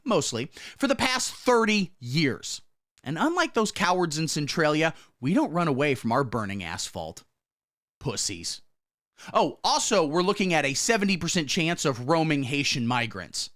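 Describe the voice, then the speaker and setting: With a fairly bright tone, this satirical news host swaggers through his commentary in a mock-pompous style, dropping into abrupt low asides.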